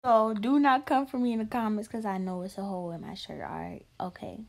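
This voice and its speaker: A young woman vlogging casually at home, excitable and full of slang. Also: medium pitch, fairly quick, vocal fry. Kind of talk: casual vlog chat. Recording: roomy, off-mic, music behind.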